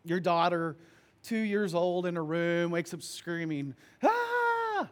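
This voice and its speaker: A male pastor preaching a sermon, reading scripture and telling stories in an earnest, expressive way. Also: on the high side, unhurried, clear, resonant tone.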